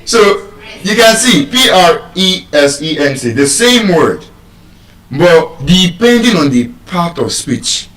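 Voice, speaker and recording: A man's voice: high-pitched, sing-song, slow pace, fairly bright tone, reverberant, far from the mic, low-quality recording. A Nigerian man teaching English word stress to a live audience, teasing them and asking questions.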